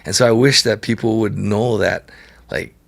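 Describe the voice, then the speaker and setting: A man, a podcast guest telling stories in a relaxed, chatty way, laughing often and peppering his speech with "like" and "right?". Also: on the low side, normal speed, vocal fry. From Hawaii. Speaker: podcast guest, multi-sport champion. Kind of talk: casual storytelling interview.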